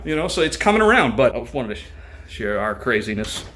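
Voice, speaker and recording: A man in his thirties, a family vlogger, telling a long story in a rambling, animated way with lots of fillers. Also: mid-range voice, fast talker. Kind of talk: casual storytelling vlog.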